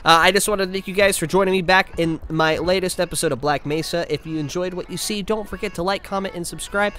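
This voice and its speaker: A man playing a video game for his channel, excitable and yelping when things go wrong, muttering to himself in calmer moments. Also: sits high, quick pace, slight background noise. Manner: excitable, yelps and panics, then mutters to himself. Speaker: gaming YouTuber. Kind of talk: let's play commentary.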